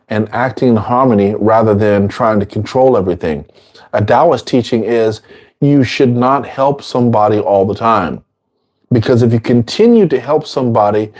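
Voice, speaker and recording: A man giving an informal dharma talk, casual and repetitive, sometimes acting out quoted people in a higher voice. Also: darkish tone. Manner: casual, repeats phrases, acts out quotes in a high voice. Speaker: dharma teacher.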